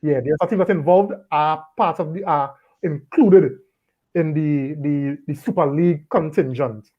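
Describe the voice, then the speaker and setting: A man hosting a casual football chat, relaxed and repeating words as he thinks. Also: fairly high pitch, moderate pace. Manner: relaxed, repeats words while gathering thoughts. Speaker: podcast host. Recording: dull lo-fi audio.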